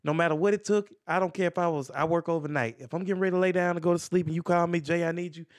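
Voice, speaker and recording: A man who is a podcast guest, calmly offering reflective advice in casual conversation. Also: on the high side, racing, no echo, clean studio sound. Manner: calm, advice-giving, reflective.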